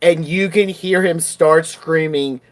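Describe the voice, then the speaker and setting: Brief: animated tabletop player with a mid-pitched voice who tells their moves with lots of fillers. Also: slow pace. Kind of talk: casual tabletop role-play narration.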